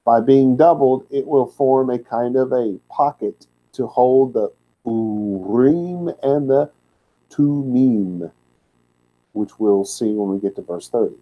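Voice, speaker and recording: A man's voice: mid-range voice, takes it slowly, lo-fi sound. A man teaching a word-by-word scripture lesson, plainspoken, with candid asides. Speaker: Bible teacher.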